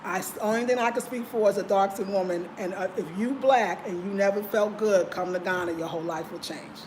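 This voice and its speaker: American woman on a livestream, heartfelt, chatting with her viewers, mid-pitch voice. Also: fairly quick, darkish tone, a little hiss or hum, low-quality recording. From United States. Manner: earnest and heartfelt, addressing viewers directly. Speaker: livestream host. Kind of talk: casual livestream chat, reading viewer comments. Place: indoors in Ghana.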